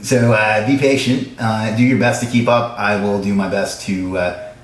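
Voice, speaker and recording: A man hosting a live stream, chatting casually with viewers in a fast, joking, self-mocking way, in a room with echo. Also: fairly low pitch, steady tone. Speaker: livestream host. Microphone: livestream camera setup. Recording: echoey room sound.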